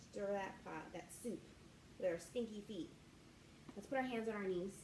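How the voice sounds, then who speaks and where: A young woman leading a children's martial arts warm-up class, coaching in an upbeat, sing-song way. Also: mid-range voice. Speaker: kids martial arts instructor. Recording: echoey room with faint ambient noise.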